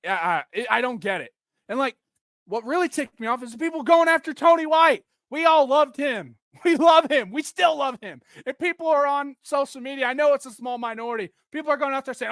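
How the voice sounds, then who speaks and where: A young man in his twenties rants on his own podcast, frustrated and emphatic. His voice sits high and sounds bright and forceful. The recording is dry and close. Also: fairly quick, no room sound. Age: 20s. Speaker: podcast host and football coach. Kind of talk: solo podcast rant.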